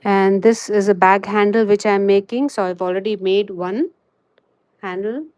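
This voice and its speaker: This crochet livestreamer has a medium-pitched, darkish voice with fairly even intonation, heard on a dry, lo-fi recording. Chatty during her live tutorial and chat, she drops "you know" into pauses.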